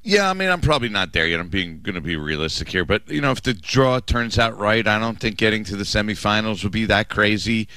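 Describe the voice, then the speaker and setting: Bright-voiced joking radio co-host. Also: male voice, fairly low pitch, lively intonation, a little fast, hardly any pauses, dry recording. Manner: joking, argumentative, repeats words as he goes. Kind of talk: casual sports radio chat.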